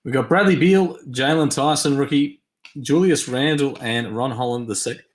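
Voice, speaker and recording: A man hosting a live-stream trading card break, tired and yawning, chatty as he reads teams and cards in quick lists. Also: mid-range voice, roomy sound, a little hiss or hum. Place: at a desk during a live stream.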